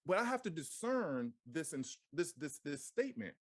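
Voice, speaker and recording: Guy preaching bible stuff casual, high voice bouncing all over, keeps repeating himself. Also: moderate pace, no echo, studio quality. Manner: animated, repeats phrases, asks rhetorical questions; casual slang-laced delivery. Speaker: Bible teacher. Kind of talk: informal scripture teaching.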